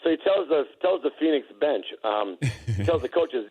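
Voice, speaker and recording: A man's voice: fairly high pitch, sing-song, normal speed, husky. A man telling an interview anecdote, stumbling and restarting his sentences often. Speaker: former player recalling a teammate. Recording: dull lo-fi audio.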